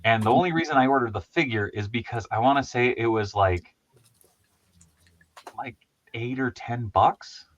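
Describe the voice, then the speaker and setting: A man's voice: mid-range voice, normal speed, long pauses, lo-fi sound. A man hosting a casual chat about toys, rambling and laughing at himself. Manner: rambling, laughs often, self-deprecating. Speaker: host.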